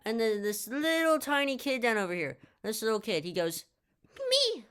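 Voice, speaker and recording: A woman's voice: a little high, sing-song, a little fast, a bit bright, smooth. A young woman telling a casual storytime tale, rambling with lots of jokey asides and fillers.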